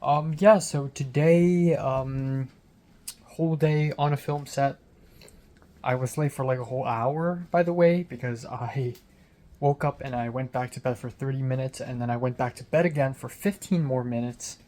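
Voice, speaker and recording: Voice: medium pitch, normal speed, mellow. A vlogger talking through their day in a casual late-night video diary, rambling with lots of fillers and restarts, swearing casually and sounding a little lispy from a sore tongue.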